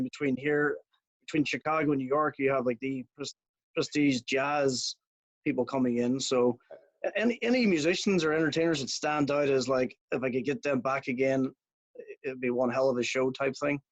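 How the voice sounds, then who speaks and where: A man hosting a podcast, asking long, halting questions in casual chat. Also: medium pitch, steady tone, poor audio. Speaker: podcast host.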